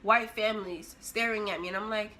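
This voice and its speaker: A young woman telling a personal story in a casual, animated way, with sudden bursts of loudness. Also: mid-range voice, a little fast, a little hiss or hum. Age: young adult. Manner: animated, expressive, with big jumps in loudness.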